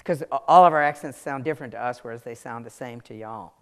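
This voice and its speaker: Background noise accompanies a very deep-voiced woman talking fast as she answers questions from the audience at an author event. Originally from Maryland, she has a Southern American accent and comes across as chatty, candid and ready to laugh.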